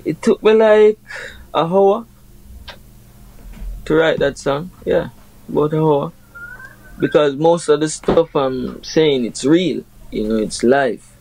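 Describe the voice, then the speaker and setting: Laid-back Jamaican man, dark dry voice. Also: mid-range voice, creaky, no room sound, poor audio. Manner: explains with proverbs, frequent "you know". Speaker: reggae artist, guest. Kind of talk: casual interview talk.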